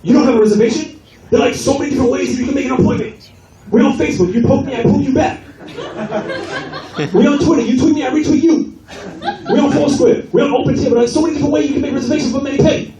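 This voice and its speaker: A fussy, exasperated male salon owner , as a comedian puts him on, rants at a breakneck clip in a high, jumpy voice. He sounds echoey and distant, with a crowd around him. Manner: rapid, high-pitched, exasperated ranting.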